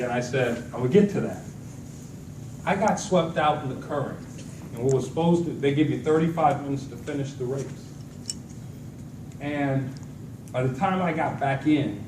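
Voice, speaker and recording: This middle-aged motivational speaker tells stories to a conference crowd in a large event hall, acting out the people in them with animated quotes. His voice is mid-range at a moderate pace. The recording is noisy and echoey, taken from a distant mic.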